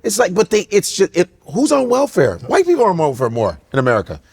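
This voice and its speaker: Middle-aged guy on a podcast going off, swoopy lively voice, loud disbelieving bursts. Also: sits high, fast, creaky, husky. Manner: animated, ranting, incredulous outbursts. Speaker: podcast co-host. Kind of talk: casual comedic chat.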